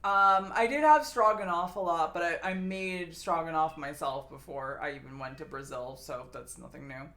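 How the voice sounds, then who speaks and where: A woman's voice: low voice, normal speed, few pauses, fairly bright tone. A young adult woman streamer chatting casually with her viewers, rambling and swearing freely.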